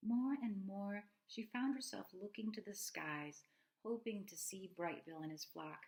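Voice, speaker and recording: A woman reading a children's novel aloud, expressive, with asides to her listeners. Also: medium pitch, moderate pace, rough recording. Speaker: reader.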